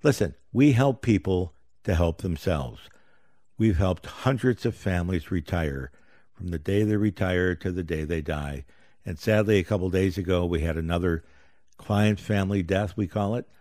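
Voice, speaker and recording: Deep-voiced man hosting a radio money show. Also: moderate pace, darkish tone, no room sound, studio quality. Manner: folksy, upbeat salesman patter. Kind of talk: radio financial talk show.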